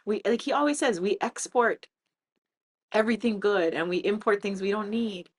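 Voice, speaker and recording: A woman telling a story casually in a discussion, animated and quick to laugh. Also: medium pitch, slightly rough. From Hawaii. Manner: animated, laughing, quotes others in changed voices. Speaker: entrepreneurship community worker, panel speaker.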